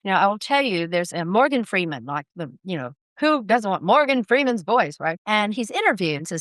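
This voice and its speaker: Woman voice coach, emphatic and expressive, dry close recording, mid pitch. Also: fairly quick, few pauses, no echo. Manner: expressive, emphatic teaching delivery. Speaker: voice coach guest. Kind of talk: podcast interview.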